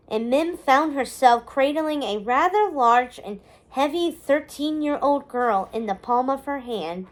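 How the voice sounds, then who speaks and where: A woman reading a novel aloud in a measured, expressive storybook manner. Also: sits high.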